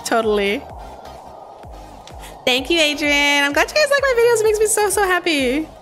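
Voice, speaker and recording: A woman hosting a live gaming stream, bubbly, greeting and thanking her chat nonstop with excited gasps. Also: sits high, normal speed, faint music behind. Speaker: live-stream gamer host.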